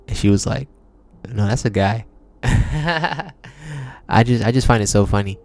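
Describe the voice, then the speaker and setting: A man's voice: on the low side, measured pace, long pauses, a little mellow, no echo, soft background music. A man hosting his own podcast, talking in a laid-back, chatty way with slang and frequent laughs. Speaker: podcast host and singer. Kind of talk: casual solo podcast monologue.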